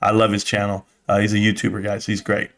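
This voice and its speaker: A man's voice: lowish voice, completely flat delivery, quick pace, fairly bright tone. Rambling man hosting a live stream. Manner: rambling, talkative, swears casually. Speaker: livestream host. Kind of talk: casual livestream chat, reading comments.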